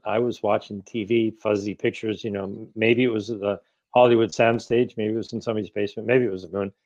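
A man's voice: on the low side, fairly even intonation, fast, darkish tone, dry recording, dull audio. A man in his sixties, speaking as an activist guest in an interview, arguing emphatically and posing rhetorical questions. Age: 60s. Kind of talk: interview conversation.

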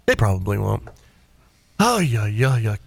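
A man's voice: lowish voice, a little slow, creaky, no echo. A man hosting a radio talk show, rambling through stories in casual chat from his studio. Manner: rambling, animated storytelling. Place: private studio.

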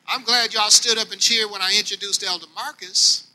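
Male pastor, older, folksy sermon delivery with a high, very bright tone. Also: steady tone, fairly quick, poor audio. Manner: preaching with swings between soft and loud; folksy, talks directly to the congregation.

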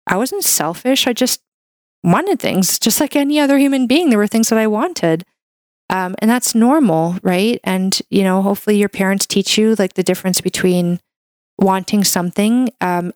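A woman's voice: medium pitch, normal speed, darkish tone, no echo. Earnest woman podcaster, dry sound. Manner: heartfelt, encouraging, lots of "like" and "you know". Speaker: wellness podcast host. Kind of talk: casual monologue.

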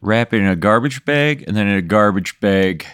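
A man who is a podcast guest, answering a hypothetical deliberately and thinking aloud with hesitations. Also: fairly low pitch, expressive, a bit bright, clear, resonant tone, no room sound, clean studio sound. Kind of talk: casual improvised conversation.

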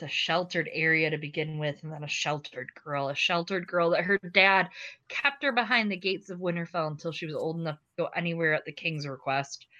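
A woman's voice: on the low side, sharp tone, highs cut off. A tipsy woman co-hosting a casual podcast chat, gushing and laughing often as she talks. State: tipsy from drinking. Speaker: podcast co-host.

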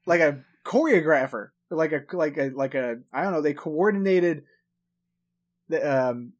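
A man's voice: on the high side, measured pace. A man from Long Island co-hosting a casual podcast chat, rambling, stuttering and swearing as he talks. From New York, Long Island. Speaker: podcast co-host.

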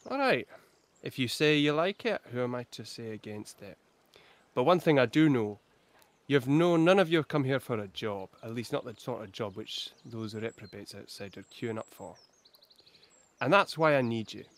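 A man's voice: medium pitch, animated, moderate pace, natural voice. A man voicing a stern, rigid mine boss woman. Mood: cold, calculating. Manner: clipped and commanding. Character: stern, controlled woman who runs a mine.

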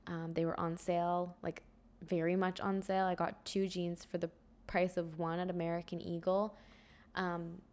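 A young woman hosting her own podcast, musing in a rambling, reflective way with many fillers and soft trailing phrases. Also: lowish voice, little pitch movement, normal speed. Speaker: podcast host. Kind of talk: casual solo podcast chat.

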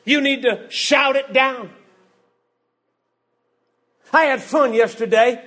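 An older man, a preacher, delivering a fervent sermon, often shouting and repeating his lines in rhythm. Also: extremely high pitch, slow pace.

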